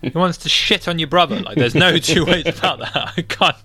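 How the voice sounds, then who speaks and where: A man's voice: a little high, fairly quick, sharp tone, a little hiss or hum. A young man co-hosting a podcast, reading Bible verses aloud and riffing on them with crude jokes. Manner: crude, joking, reads verses aloud then riffs. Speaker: podcast co-host. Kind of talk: irreverent casual chat and Bible reading.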